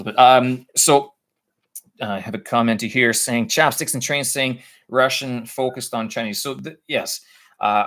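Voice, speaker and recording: His voice is medium in pitch and a bit bright. As the vlog host of a relaxed live language-practice stream, this middle-aged English speaker tries out Russian words, restarting often and filling pauses as he thinks aloud.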